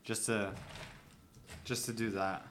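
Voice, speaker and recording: A man's voice: on the low side, fairly even intonation, noisy background. A young man in casual, profane chat, joking while doing a puzzle with a dog nearby. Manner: profane, joking, quick swearing banter. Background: dog in the room.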